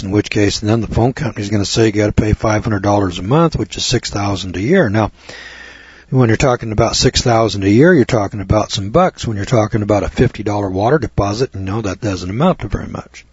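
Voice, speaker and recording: A man's voice: lowish voice, fast, darkish tone, slightly rough, dry recording, muffled recording. A man telling a folksy anecdote to an audience in a conversational way, repeating phrases for emphasis. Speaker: storyteller addressing an audience.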